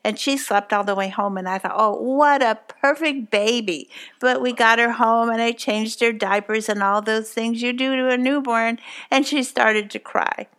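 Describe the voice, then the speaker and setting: A woman's voice: a little high, steady tone, moderate pace, fairly bright tone. A woman in her seventies teaching a devotional with tender, earnest encouragement and vivid personal stories. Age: 70s. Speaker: co-host, Bible teacher. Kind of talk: devotional talk, warm storytelling.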